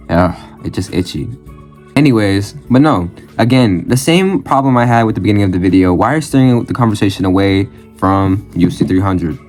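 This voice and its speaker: With a fairly low pitch and a darkish tone, a man rants through blunt reaction commentary on his own channel. Swearing freely, he often fires off repeated phrases in bursts.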